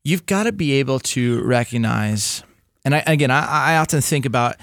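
A man in casual podcast chat about faith and sports fandom, lively and repeating words as he thinks aloud. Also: mid-range voice, normal speed, no room sound, studio quality.

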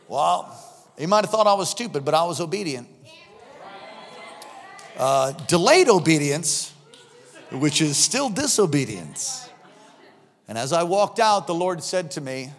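A man preaching a sermon, telling a personal story and acting out the dialogue, swinging from shouts to hushed tones. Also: high voice, very animated, a little slow, pauses often, long reverb tail.

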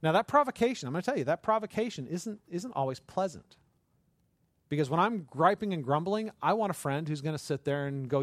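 A fairly high-voiced man preaching an informal, story-driven sermon, peppering his points with quick tag questions. His voice sounds dry and close, with little room echo. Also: lively intonation. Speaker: pastor. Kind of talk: conversational sermon.

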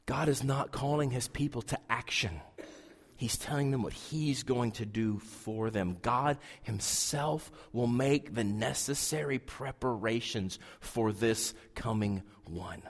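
A man preaching a sermon to a congregation, swinging from loud emphasis down to hushed, near-whispered lines. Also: medium pitch, takes it slowly, breathy edge. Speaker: pastor. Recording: long hall reverb.

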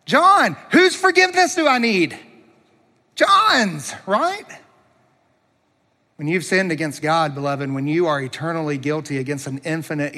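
A man's voice: a little high, pushed and bright, big-room sound. A man preaching a sermon, earnest and emphatic, building points through repetition and rhetorical questions. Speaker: pastor.

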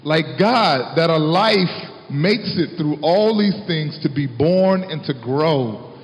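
A man preaching a sermon in a relaxed, conversational way, laughing often and reading scripture aloud. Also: a little high, slow. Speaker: pastor. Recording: long hall reverb, dull lo-fi sound.

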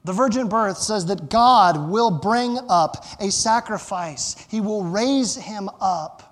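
A man's voice: high voice, slow. A man preaching a sermon as pastor, emphatic, repeating phrases for stress and asking the congregation to fill in words. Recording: long hall reverb.

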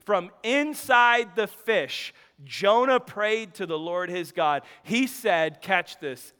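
A man in his thirties preaching a sermon, telling stories with quick laughing asides and restarts. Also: sits high, smooth, in a large hall. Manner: animated storytelling, self-interrupting, laughing asides. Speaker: pastor.

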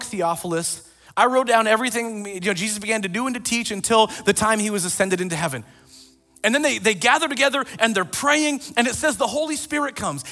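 A man preaching a sermon as a pastor, retelling scripture in an animated storytelling way. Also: very high voice. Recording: long reverb of a large hall.

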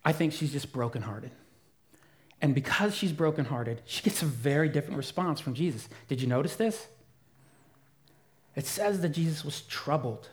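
A man preaching a sermon as pastor, earnest and emphatic, dropping to a soft voice for quiet moments. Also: fairly high pitch, lively intonation, normal speed, long pauses.

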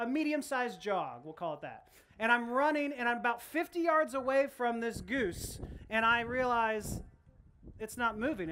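Woman pastor, sermon delivery, animated storyteller, higher-pitched voice, restarts a lot. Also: slight background noise. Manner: animated storytelling, laughs often, many restarts.

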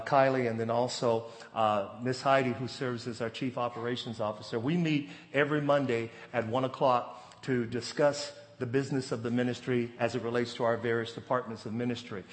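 Man, forties, pastor, sermon, storytelling, emphatic, reverberant hall. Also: medium pitch. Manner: storytelling preacher, rising to loud emphatic bursts. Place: church sanctuary.

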